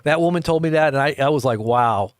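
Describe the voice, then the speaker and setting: A man's voice: a little high, fairly even intonation, very fast, clear, resonant tone, no echo, clean studio sound. A man hosting a livestream, telling a rambling story and chuckling as he talks to viewers in the chat. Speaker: livestream host. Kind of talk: casual storytelling to a live chat.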